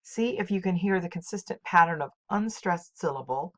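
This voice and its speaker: A woman teaching, reading a scripted poetry lesson in a clear, measured way and reciting poems with marked rhythm. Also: fairly low pitch, animated. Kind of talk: scripted educational narration.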